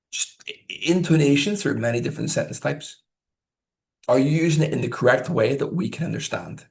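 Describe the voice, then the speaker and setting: With a mid-range voice and vocal fry, a male language test examiner offers IELTS tips at a deliberate pace, regularly asking "okay?" and performing sample sentences to show stress and intonation.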